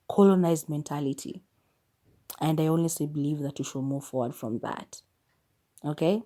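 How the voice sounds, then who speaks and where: A woman's voice: deep voice, moderate pace, pauses often, warm tone. A Kenyan woman hosting a solo podcast, sharing her opinions in a candid, musing way. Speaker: podcast host.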